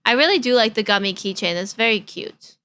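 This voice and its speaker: A woman's voice: medium pitch, animated, brisk, bright, forceful tone, clear, resonant tone. A young woman streaming live, chatting casually in a bubbly, giggly, easily distracted way.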